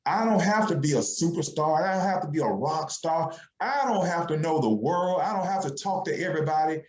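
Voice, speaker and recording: A man's voice: on the high side, lively intonation, a little fast. A man giving a fervent motivational sales talk on a conference call, stacking repeated phrases. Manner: fervent, repetitive, builds up phrases. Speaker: speaker on a business call. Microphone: conference call line. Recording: echoey call audio.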